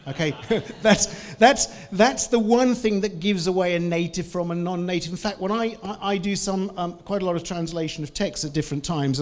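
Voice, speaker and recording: A man with a New Zealand accent giving a lively, joking conference talk on English and asking the audience questions. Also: fairly high pitch. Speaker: language trainer. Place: conference hall.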